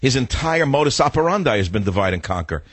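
Talking fast and very animated, a male talk radio host tears into a combative monologue; illness has roughened his slightly bright voice, which spikes upward when he's riled. No echo is present.

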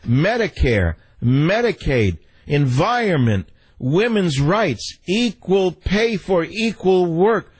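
A man mimicking a slow, measured woman politician. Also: sits high, sing-song, slightly rough, no room sound, voice pushed up, full character voice. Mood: mocking. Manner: exaggeratedly slow, deliberate delivery. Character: calm, slow-talking female politician, mocked.

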